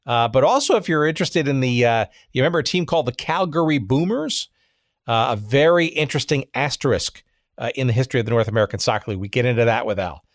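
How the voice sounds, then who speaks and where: A man's voice: mid-range voice, expressive, fast, no echo, clean studio sound. A man hosting a podcast, introducing his episode in a chatty, hesitant way full of fillers. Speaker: podcast host.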